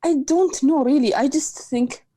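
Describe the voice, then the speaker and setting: Female student, slightly high, mellow tone, hesitant and filler-heavy. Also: normal speed. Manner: hesitant, many "kinda" and fillers. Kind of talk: class feedback.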